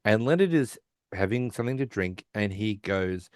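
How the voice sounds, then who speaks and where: A man's voice: lowish voice, lively intonation, moderate pace, a little mellow, clear, resonant tone, no echo, clean studio sound. A man co-hosting a podcast, casually retelling a sitcom episode and acting out the characters' lines. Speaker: podcast co-host.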